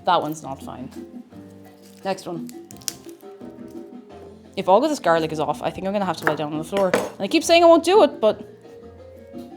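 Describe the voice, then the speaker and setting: A woman's voice: on the low side, big pitch swings, moderate pace, pauses often, music in the background. A woman streaming herself cooking in a home kitchen, chatting casually and mocking herself as she rambles. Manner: rambling, self-mocking, talks to herself and chat. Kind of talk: casual live-stream chat while cooking.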